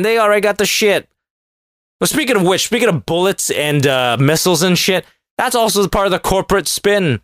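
A man delivering a casual comedic rant, sarcastic and profane, mocking people with quick put-on voices. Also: on the high side, a bit bright, no room sound, clean studio sound.

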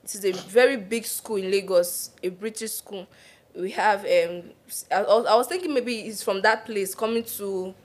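A young Nigerian woman with a Nigerian accent telling animated stories in a casual podcast chat, laughing and slipping into pidgin. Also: medium pitch, normal speed. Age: young adult. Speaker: podcast co-host.

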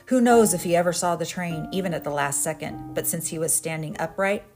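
A woman's voice: fairly low pitch, fairly quick, over music. A woman podcast host narrating a story in a dry, matter-of-fact way.

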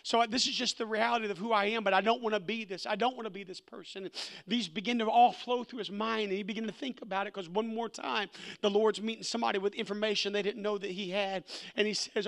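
A man preaching a sermon with a high voice. He is impassioned and repeats words as he acts out the dialogue of the story. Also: steady tone, quick pace, vocal fry, a bit bright.

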